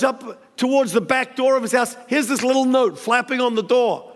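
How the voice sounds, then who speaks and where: Man, preacher, high voice, animated storytelling, acts out characters, long hall echo. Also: moderate pace. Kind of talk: storytelling sermon.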